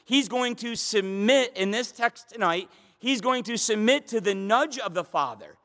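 Male pastor, high voice, impassioned sermon delivery, long hall reverb. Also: lively intonation, measured pace, a bit bright. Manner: impassioned, repeats and restarts phrases.

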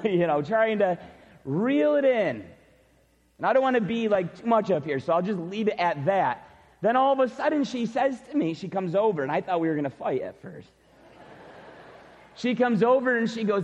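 A middle-aged man preaching a sermon, telling a personal story in an animated way. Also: high voice, moderate pace, in a large hall, lo-fi sound. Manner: animated storytelling, shouts when acting out cheers. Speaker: pastor. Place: church sanctuary.

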